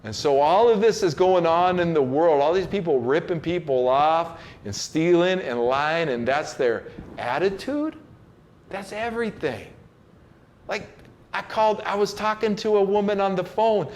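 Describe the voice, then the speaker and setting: A man's voice: high voice, unhurried, a little mellow, slight background noise. A man giving a casual motivational talk, loose and slangy with many fillers and restarts, now and then acting out other people's lines. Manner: acts out quoted people in changed voices. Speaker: host giving a motivational message.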